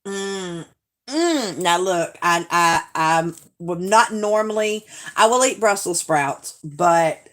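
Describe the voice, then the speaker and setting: A woman with a Southern accent chats on a live stream, answering viewers in a gushing, friendly way. She talks slowly and draws out her words. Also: on the low side, expressive, fairly bright tone. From Alabama, US. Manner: chatty, gushing, drawn-out Southern talk. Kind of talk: casual live stream chat reading viewer comments.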